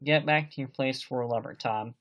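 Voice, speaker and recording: A man reading aloud as a crafty, blustering one-legged tavern landlord in an audiobook, speaking loudly and sternly. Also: medium pitch, a little fast, close to an everyday voice. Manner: loud, stern scolding.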